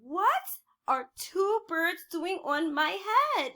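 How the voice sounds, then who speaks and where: A woman's voice: very high-pitched, lively intonation, slow, a bit bright, pitched above the performer's own voice, exaggerated voice. A woman voicing a worried, fussy male elephant in a storybook, exclaiming in alarm.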